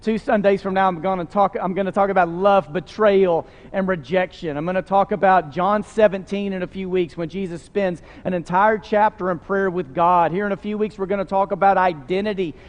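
A male pastor delivers a sermon in a high voice with an earnest, conversational tone, often dropping in casual fillers. His words ring out with a long reverb, as if he is speaking in a large church hall. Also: fairly even intonation, brisk, few pauses, highs cut off.

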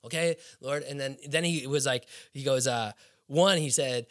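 A man being interviewed, telling a long personal faith story in a casual, animated way and dropping low and quiet when he quotes others. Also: normal speed. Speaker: interview guest, snowboarder.

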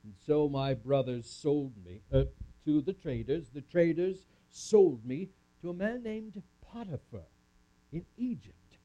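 Expressive and a touch slow, a man with a slightly high, mellow voice performs as a camp speaker. He plays theatrically off an audience volunteer in a first-person dramatic monologue, and the audio is muffled and lo-fi.

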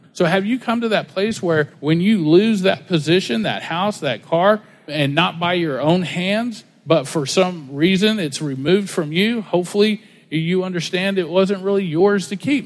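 A man preaching a sermon as pastor, talking in a relaxed, conversational way and acting out quotes as he tells stories. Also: high-pitched, moderate pace. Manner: conversational, storytelling with acted-out quotes. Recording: long hall reverb.

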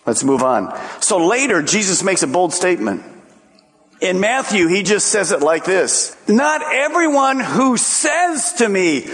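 A man preaching a sermon, acting out quick exchanges of dialogue as he goes. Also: high-pitched, very animated, a bit bright. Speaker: pastor. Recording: long reverb of a large hall.

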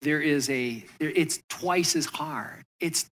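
A male pastor preaching a sermon in a conversational, storytelling way, acting out quoted lines with lively shifts. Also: on the high side, slow.

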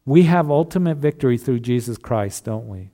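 A man's voice: medium pitch, lively intonation, normal speed, mellow. A man preaching a sermon as pastor, in a conversational way with rhetorical tag questions.

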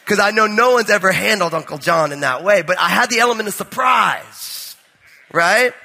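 A high, bright male pastor from New with a husky edge, preaching in a conversational, joking storyteller's manner. His voice rings out with a long reverb in a large church hall. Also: animated, moderate pace. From New Jersey. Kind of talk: sermon with personal storytelling.

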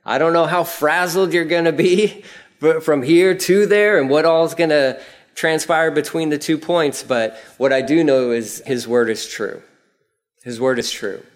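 A man preaching a casual, conversational sermon, telling the story vividly and acting out prayers in a raised voice. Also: measured pace. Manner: animated storytelling, acts out prayers in a raised pitch. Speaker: pastor.

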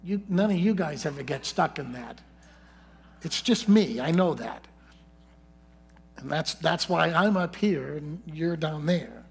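A man's voice: on the high side, unhurried, vocal fry, long pauses, husky. A man preaching a sermon, telling a personal story and often dropping his voice to near whispers.

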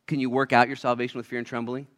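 A man preaching a sermon as a pastor, acting out little voices, swinging between loud shouts and quiet asides. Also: mid-range voice, little pitch movement, rapid-fire.

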